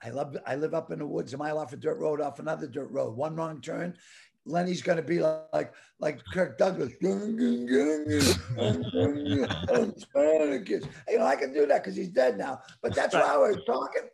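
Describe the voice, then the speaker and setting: A man in his sixties telling a story loudly and crudely, with lots of animated outbursts. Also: on the high side, fairly quick, creaky. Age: 60s. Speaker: guest comedian. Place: home.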